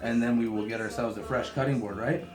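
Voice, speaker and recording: A man hosting a casual home cooking demonstration, chatting with joking asides while gently scolding a child who is helping. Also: mid-range voice, fairly even intonation, quick pace, reverberant, over music. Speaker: home cooking show host. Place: home kitchen.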